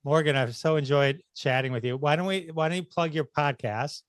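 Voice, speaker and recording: A man's voice: fairly high pitch, fairly quick, smooth, dry recording, studio quality. A man hosting a podcast interview, enthusiastic and effusive, praising his guest and laughing along with her. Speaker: podcast host. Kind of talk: casual interview.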